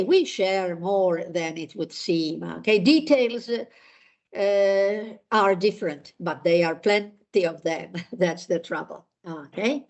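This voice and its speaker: Woman, language teacher; unhurried, patient, lots of pauses and fillers. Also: mid-range voice. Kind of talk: online language lesson with repeat-after-me drills.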